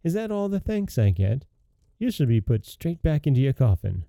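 A man's voice: mid-range voice, very animated, moderate pace, vocal fry, warm tone, dry recording, studio quality, pitched above the performer's own voice. A man voicing a fearless cheeky youth.

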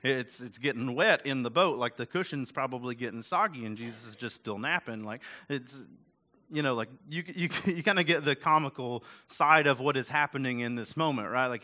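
With a sharp tone at medium pitch, a male pastor gives a casual sermon that feels like conversation, full of asides and rhetorical questions. He's self-deprecating and chatty, frequently saying "like" and "right?".

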